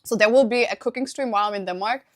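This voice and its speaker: A young woman with a slightly higher voice talks casually to her stream audience. She is chatty and laughs easily, stopping now and then to thank viewers for their subscriptions. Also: rapid-fire. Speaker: live streamer.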